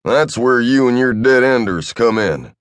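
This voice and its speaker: A man's voice: mid-range voice, lively intonation, measured pace, no echo, clean studio sound, pitched above the performer's own voice, natural voice. A man voicing a blunt military general who talks in short, clipped bursts. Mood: urgent, gruff.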